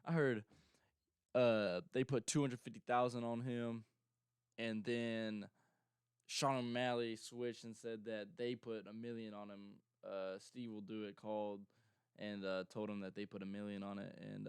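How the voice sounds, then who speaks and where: A man's voice: mid-range voice, steady tone, normal speed, clear, resonant tone, dry recording, studio quality. Young male host, casual rambling chat, filler-heavy, clean voice with no room sound. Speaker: show host.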